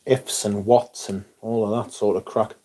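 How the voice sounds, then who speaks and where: A man's voice: fairly low pitch, level tone, moderate pace, warm tone, husky. A man hosting a livestream, chatting casually with viewers, greeting them by name and swearing freely. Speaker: livestream host.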